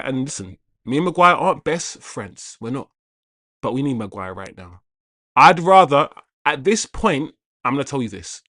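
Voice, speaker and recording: Hosting a live football watch-along, this man speaks in a fairly bright voice on the high side, recorded at studio quality with no echo. He keeps it casual and chatty, repeats himself and greets viewers by name.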